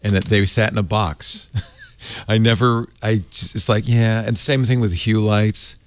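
A man hosting a casual tech talk show, playful and quick to joke and laugh. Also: fairly low pitch, fairly even intonation, clean tone. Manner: playful, jokey, laughs often. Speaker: podcast host.

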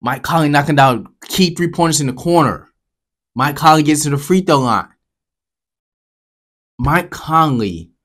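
A man giving a casual basketball commentary rant as a vlogger, talking straight to his viewers and swinging from low mutters to loud outbursts. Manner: heated, talks straight to viewers.

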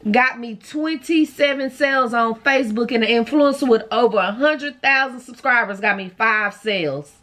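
Chatty woman vlogging from home. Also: fairly high pitch. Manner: animated, talks straight to viewers. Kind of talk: casual chat to camera. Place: at home, indoors.

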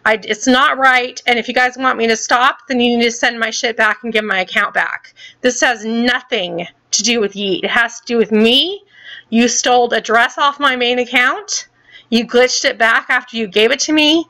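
Heated, bright-voiced woman ranting. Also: a little high. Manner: heated, swearing, repeats herself. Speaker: gaming channel host. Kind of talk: angry ranting vlog.

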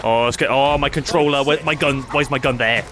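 A man hosting a co-op gaming video, excitable and joking, swearing often as he plays. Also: mid-range voice, brisk, background noise. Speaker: gaming channel host. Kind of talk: casual co-op gaming banter. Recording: game music behind.

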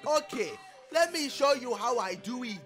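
Man doing a high, bright put-on Nigerian accent as a grandiose comic scammer. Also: animated, normal speed, faint music behind. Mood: scheming. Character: scheming male Nigerian scam artist. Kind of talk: comedy sketch.

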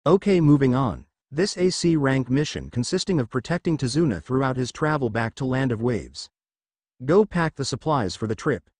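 A man voicing an adult male village leader and estranged father in a fanfiction read-aloud, calm and measured. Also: mid-range voice, no room sound, studio quality, lightly acted.

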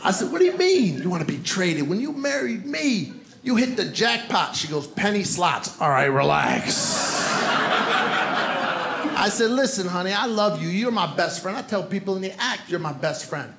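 High-voiced Brooklyn comic on a roomy stage. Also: male voice, sing-song, moderate pace, vocal fry. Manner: punchy, playful delivery with crowd asides. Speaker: stand-up comedian. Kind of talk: stand-up comedy set. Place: comedy club stage before a live audience. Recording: roomy live venue with crowd noise.

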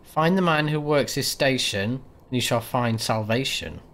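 A man's voice: mid-range voice, normal speed, fairly bright tone, close to an everyday voice. A man voicing an erratic, obsessive male drifter in a horror game, pleading one moment and snapping the next. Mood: unhinged. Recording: mains hum behind.

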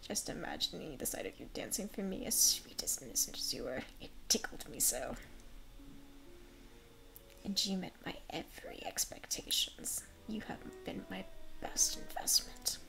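A woman voicing a scheming older male master of a dancing troupe in a slow, hushed, whispery drawl. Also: medium pitch, big pitch swings, creaky, noisy background. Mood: menacing whisper.

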